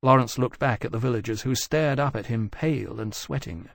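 A man reading a novel aloud as an audiobook narrator, in a measured, even storytelling manner on a close studio mic. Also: medium pitch, creaky, dry recording. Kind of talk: scripted narration.

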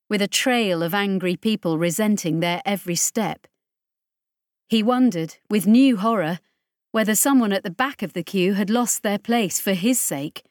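A woman narrates an audiobook at a steady, measured pace, with a voice of medium pitch. The sound is close and dry, with no room reverb. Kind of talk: scripted narration.

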